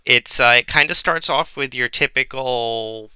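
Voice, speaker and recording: A man co-hosting a podcast in casual chat, animated and laughing as he tells stories. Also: mid-range voice, measured pace, clean tone, no room sound. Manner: mimics voices in quoted anecdotes. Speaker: podcast co-host.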